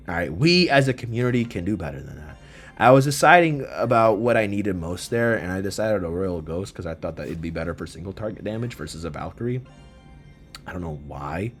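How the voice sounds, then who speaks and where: Rambling young man with lively pitch. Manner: rambling, joking, bursts into loud yells. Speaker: gaming channel host. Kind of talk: casual gameplay commentary.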